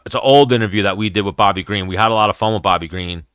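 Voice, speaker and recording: A man's voice: lowish voice, rapid-fire, fairly bright tone, clear, resonant tone, dry recording, studio quality. A man hosting a casual fight-talk livestream, rambling and swearing freely as he chats with viewers. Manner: rambling, profane, chatty. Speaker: host of an MMA livestream.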